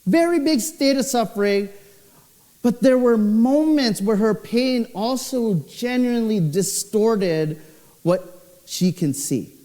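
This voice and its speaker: A young man, a pastor, preaching a sermon with expressive storytelling, his voice swinging low and high. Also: slow pace. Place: church hall. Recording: church hall with long reverb.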